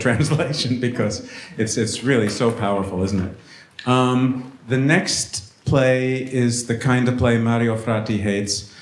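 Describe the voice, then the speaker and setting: Man, translator speaking at a live book event, hesitant, lots of fillers, slow pace, echoey room. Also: mid-range voice. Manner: hesitant, with many fillers and restarts. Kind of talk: unscripted remarks at a live event. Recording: echoey live auditorium recording.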